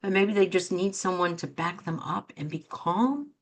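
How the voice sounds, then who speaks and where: A woman's voice: on the low side, normal speed. A middle-aged woman hosting a talk show as a coach, speaking earnestly and acting out quoted reactions in her examples. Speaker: host and coach. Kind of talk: motivational talk show monologue.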